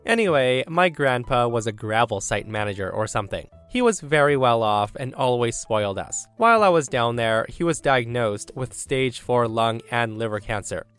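A man hosting a story podcast, reading Reddit posts aloud with excitable, animated energy. His voice is smooth and resonant at a middle pitch, with soft music playing underneath. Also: normal speed, hardly any pauses. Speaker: host. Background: faint background music.

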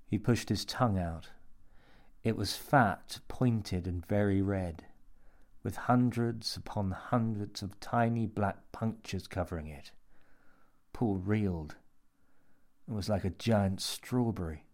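A man narrating a horror story in a measured, dark manner. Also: lowish voice.

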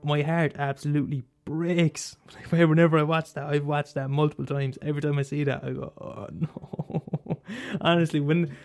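A man's voice: fairly high pitch, level tone, brisk, few pauses, a little mellow, soft background music. Rambling man talking films. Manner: rambling, frequent restarts, swears casually, laughs often. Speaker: film commentator. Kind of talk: casual monologue.

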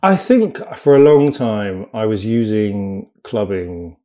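A man's voice: on the low side, takes it slowly. A man, a comedian guest in a casual interview, telling stories animatedly, acting out dialogue and laughing as he goes. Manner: animated, laughing storyteller who acts out quoted dialogue.

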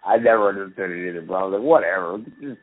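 Man, husky voice, profane rambling storyteller, phone-like tinny sound. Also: deep voice, racing. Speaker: podcast co-host. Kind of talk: profane casual chat.

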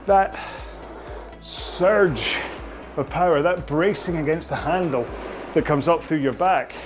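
A man's voice: on the high side, slow pace, music in the background. A Scottish man coaching rowing technique, patient and explaining while he demonstrates on a rowing machine. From Scotland. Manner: patient, explaining, checks in with "okay?". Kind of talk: instructional workout video. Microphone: on a rowing machine, talking while demonstrating.

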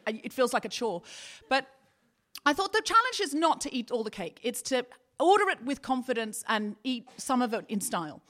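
A woman hosting a comedy show who tells her story with playful, mock-dramatic flair. Her voice is fairly high and very bright. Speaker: comedy podcast host. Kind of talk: comic storytelling.

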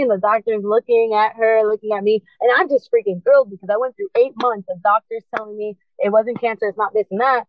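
A woman's voice: fairly high pitch, steady tone, fast, hardly any pauses, no room sound. A woman sharing a personal testimony, telling it earnestly and with emotion, acting out remembered dialogue. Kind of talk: personal storytelling. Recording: tinny phone-like sound, dry.

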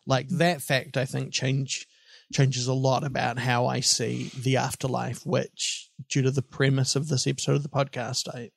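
A man's voice: mid-range voice, flat delivery, normal speed, vocal fry, no echo. A man co-hosting a casual film podcast, rambling and self-mocking with lots of fillers. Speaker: podcast co-host.

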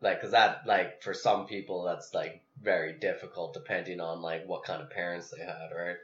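Brief: male podcast host, very low bright voice, halting delivery, echoey lo-fi room. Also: level tone. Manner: hesitant, many fillers like "like" and "um". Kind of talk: casual interview chat. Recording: echoey room, dull sound.

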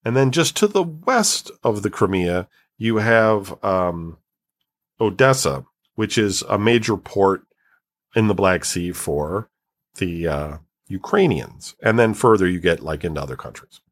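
A man with a somewhat low voice chats casually, explaining things at length in a loose, rambling way. He sounds animated yet keeps a measured pace, frequently stopping and restarting and filling gaps with "like" and "um."

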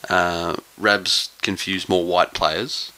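A man with an Australian accent co-hosting a casual podcast, firing off dry, quick comebacks. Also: low-pitched, fairly even intonation, pushed and bright, poor audio. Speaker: podcast co-host.

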